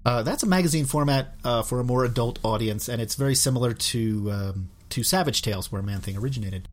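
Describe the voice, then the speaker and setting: A man hosting a casual comic book podcast, chatty and earnest, often trailing off softly. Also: medium pitch, brisk. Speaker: podcast host.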